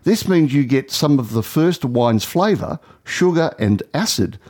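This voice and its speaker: A man's voice: fairly high pitch, lively intonation, unhurried, a little mellow. A man chatting on air, his voice rising and falling freely as he reads out items. He stumbles into fillers and restarts as he goes. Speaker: radio co-host. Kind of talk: casual on-air chat.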